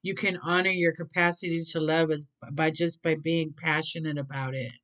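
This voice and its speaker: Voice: mid-range voice, little pitch movement, moderate pace, a bit bright. A tarot reader giving a casual reading, rambling, repeating words and tripping over some.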